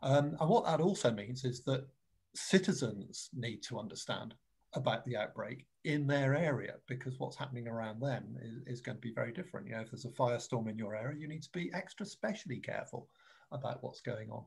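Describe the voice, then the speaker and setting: A man's voice: medium pitch, expressive, brisk, gravelly, slightly rough. A man with a British accent giving an earnest, explanatory webinar presentation over a video call, often repeating words as he explains.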